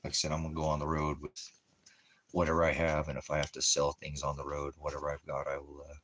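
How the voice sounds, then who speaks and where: A man's voice: extremely low pitch, monotone, quick pace, a bit bright, a little hiss or hum. A man rambling in a casual monologue, talking affectionately to his dog and musing about money and leaving town. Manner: rambling, talks baby-talk to his dog in bursts. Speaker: ministry vlogger.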